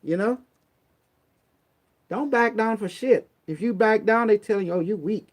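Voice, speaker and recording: A man's voice: high-pitched, measured pace. A man from Cambodia giving blunt, streetwise, preachy advice in a casual motivational talk. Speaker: online talk host.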